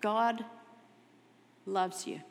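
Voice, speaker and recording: A woman pastor preaching a sermon, expressive, moving between loud emphasis and soft, intimate tones. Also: medium pitch, very slow, vocal fry, long reverb tail, slight background noise. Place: church sanctuary.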